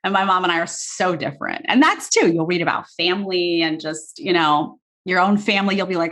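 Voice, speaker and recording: A woman in her thirties, a book author and guest, talking in animated casual chat full of likes and restarts. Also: fairly low pitch. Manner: animated, talks fast with many likes and restarts. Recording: live video call.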